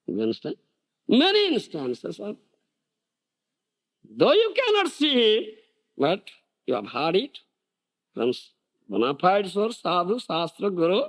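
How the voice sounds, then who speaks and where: An older man teaching a devotional lecture in a high, lively voice that leaps up and down. He speaks slowly, pressing his points with rhetorical questions and ready laughter. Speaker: spiritual teacher.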